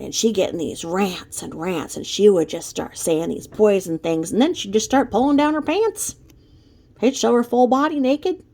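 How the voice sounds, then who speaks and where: A woman's voice: medium pitch, a little mellow. A woman delivering a ranting commentary vlog from her home desk, emphatic and repetitive in her scolding. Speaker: commentary vlogger.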